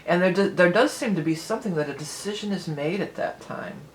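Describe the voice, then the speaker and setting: A woman's voice: lowish voice, fairly quick. A woman giving a casual tarot reading, chatty and rambling, with frequent small laughs and digressions. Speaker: tarot reader. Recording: echoey room, faint background noise.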